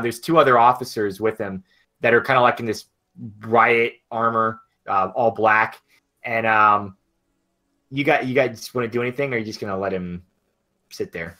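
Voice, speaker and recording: A man's voice: medium pitch, pushed and bright. A man narrating as game master in a loose, casual way with many fillers.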